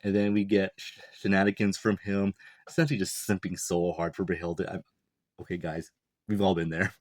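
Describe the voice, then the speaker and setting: A man's voice: sits low, flat delivery, moderate pace, no room sound. A young man casually breaking down a manga chapter, rambling and chuckling, full of "like" and "you know". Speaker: manga reviewer.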